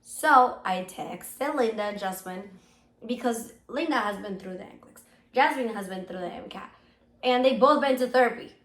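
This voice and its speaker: A woman co-hosting a podcast in casual chat, still sick with a hoarse voice, rambling with many fillers. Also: medium pitch, moderate pace, echoey room. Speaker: podcast co-host.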